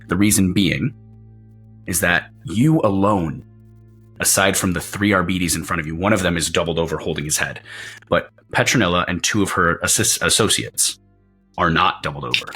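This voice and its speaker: Low bright-toned man running a tabletop game. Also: husky. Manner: animated descriptive narration with frequent restarts. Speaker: game master.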